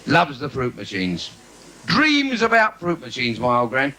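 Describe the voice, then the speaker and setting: A man doing bawdy stand-up in a live cabaret, brash and cheeky, now and then breaking into shouted asides. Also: mid-range voice, huge pitch swings, a little slow. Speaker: stand-up comedian. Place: live theatre stage with audience. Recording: noisy live 1980s theatre recording.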